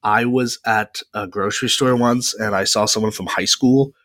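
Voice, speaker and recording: A man in his twenties hosts his own podcast alone, talking in a chatty, rambling way with frequent pauses into a close mic. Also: on the low side, fairly even intonation, a bit bright, no room sound. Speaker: podcast host. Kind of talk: casual solo podcast monologue.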